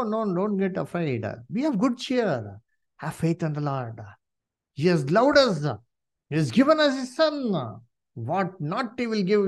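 A man preaching a sermon, swinging from hushed pleading to loud emphatic exhortation and asking the congregation questions. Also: a little high. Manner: asks the congregation questions and calls on members to read.

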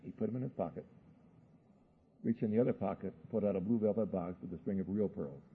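A man preaching a sermon, telling homely stories in a folksy way and slowing down for searching questions. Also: lowish voice, breathy edge. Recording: muffled phone-like sound.

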